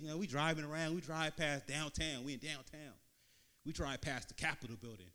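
Bay Area male stand-up, high bright voice, loose slangy storyteller on a club mic. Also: brisk. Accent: Bay Area Californian. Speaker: stand-up comedian. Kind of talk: stand-up comedy set. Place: comedy club stage before a live audience.

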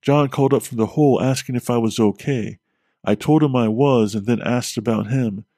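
A man telling a scripted horror story as a podcast host, steady and measured. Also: mid-range voice, no echo, studio quality.

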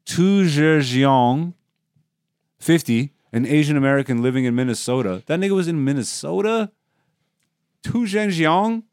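A man co-hosting a podcast in casual, profane chat, loudly reading a news story aloud and laughing often. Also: medium pitch, lively intonation, normal speed, smooth, dry recording, studio quality. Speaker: podcast co-host.

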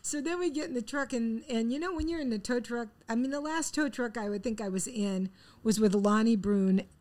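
A woman's voice: fairly high pitch, brisk, a little mellow. A middle-aged woman telling a long funny story in casual chat. She laughs often and acts out the dialogue.

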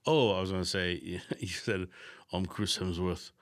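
A man's voice: sits low, measured pace, a bit bright. A man co-hosting a casual podcast, rambling and self-deprecating with lots of hesitant restarts. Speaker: podcast co-host. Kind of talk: casual chat.

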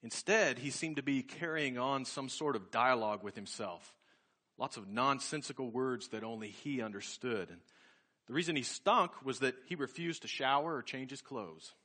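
A man preaching a sermon, telling a personal story in an earnest, reflective way that slows and softens at key points. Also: medium pitch, lively intonation.

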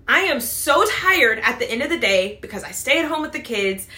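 A woman's voice: a little high, sing-song, moderate pace, pushed and bright, echoey room. A woman giving casual advice to other moms, chatty, with a habit of tagging "right?" and acting out what people say. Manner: chatty, repeats "right?" and "blah, blah, blah"; acts out quoted voices. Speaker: mom advice vlogger. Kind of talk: casual advice talk to camera.

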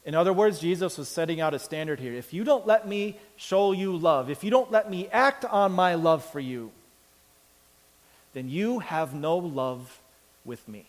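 Male pastor, sermon, animated storyteller, echoey church hall. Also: on the high side, moderate pace. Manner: animated storytelling, acts out characters with big swings in loudness.

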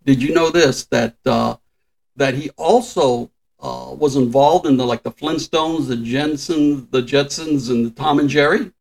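A man's voice: mid-range voice, a little slow, gravelly, darkish tone, rough recording. An older man in casual podcast chat, telling trivia stories with frequent chuckles. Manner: chatty storyteller, shares trivia, chuckles often. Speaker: podcast co-host.

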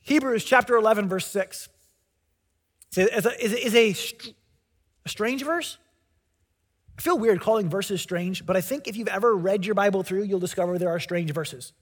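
A man's voice: high-pitched, normal speed, long pauses, breathy edge, big-room sound. A male pastor preaching a sermon in a conversational storytelling way, often restarting his sentences.

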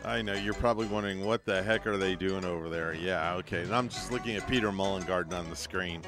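A man's voice: sits low, quick pace, over music. A man hosting a morning radio show in a studio, teasing his guest and joking through the banter. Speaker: radio host.

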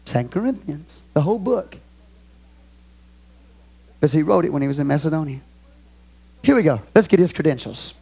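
A pastor with a Texan accent preaching a fervent sermon in a church, reading scripture aloud and swinging between booming and hushed delivery. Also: male voice, animated, normal speed, creaky, pauses often, slightly rough. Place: church sanctuary.

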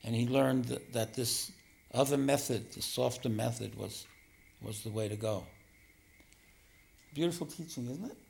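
A man giving a spiritual teaching talk as a meditation teacher, gentle and self-deprecating, often chuckling. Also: medium pitch, normal speed, vocal fry, pauses often, a little hiss or hum.

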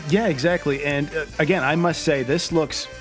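A man's voice: on the high side, steady tone, normal speed, faint music behind. A man casually summarizing a movie's plot for his co-host in a matter-of-fact way. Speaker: podcast co-host. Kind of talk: casual movie recap chat.

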